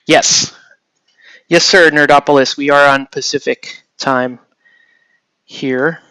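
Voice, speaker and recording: A man's voice: on the high side, fairly even intonation, takes it slowly, bright, forceful tone, clear, resonant tone, no echo. A man from the United States chatting casually with live viewers while painting miniatures, rambling and swearing lightly as he answers the chat.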